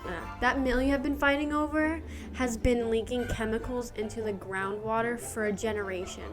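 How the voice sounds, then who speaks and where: A woman's voice: fairly high pitch, fairly even intonation, moderate pace, music in the background, lightly acted. A woman voicing a practical young assistant who speaks dryly and matter-of-factly in an amateur fan dub. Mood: deadpan. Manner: dry, matter-of-fact.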